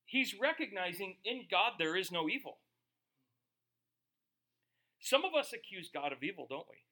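A man's voice: on the high side, pushed and bright. A middle-aged male pastor preaching a sermon in a conversational, joking way, acting out quoted voices.

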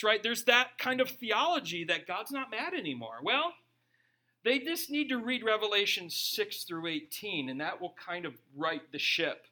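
Bright, high-voiced male pastor preaching. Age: young adult or middle-aged, a parent. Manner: conversational, jokey preaching with acted-out quotes. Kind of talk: sermon.

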